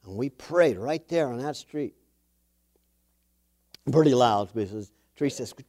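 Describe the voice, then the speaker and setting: A man preaching a sermon and telling a testimony, animated, with quoted dialogue and emphatic exclamations. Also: mid-range voice, unhurried, long pauses.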